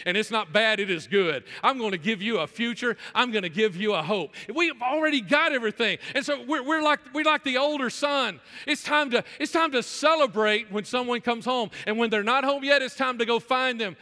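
A male pastor preaching a sermon in church, repeating phrases for emphasis and restarting his sentences quickly. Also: very high-pitched, bright, forceful tone, big-room sound. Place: church sanctuary.

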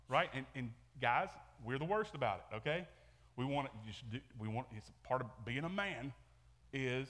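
A man's voice: mid-range voice, lively intonation, fairly quick, a bit bright, long reverb tail. A man preaching a sermon to his church in a casual, conversational way, often repeating words and restarting sentences. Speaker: pastor. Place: church sanctuary.

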